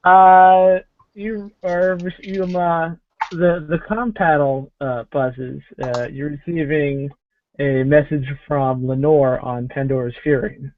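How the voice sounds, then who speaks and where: A man narrating a tabletop game as game master, halting with many fillers. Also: on the high side, steady tone. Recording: tinny phone-like call audio.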